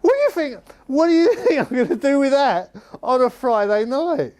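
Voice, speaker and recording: A man voicing a gruff older male ex-boxer band manager with a strained, rasping throat voice and a blunt, demanding way of talking. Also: very high voice, lively intonation, a little slow, voice pushed up, full character voice.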